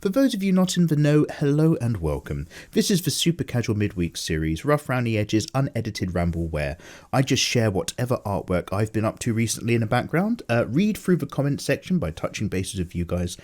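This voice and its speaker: A man's voice: mid-range voice, sing-song, a little fast, darkish tone. A tired man rambling casually and jokily as the host of an unedited chat. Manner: loose, chatty, jokey, many fillers. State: tired, low energy. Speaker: artist and channel host.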